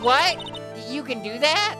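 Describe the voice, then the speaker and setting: A woman streamer doing a timid, sweet little girl from a video game, talking with nervous stammers. The voice bounces up and down in pitch. Game music plays clearly behind her. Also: animated, brisk. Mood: excited. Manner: hesitant, stammering. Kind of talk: voicing video game dialogue on a livestream.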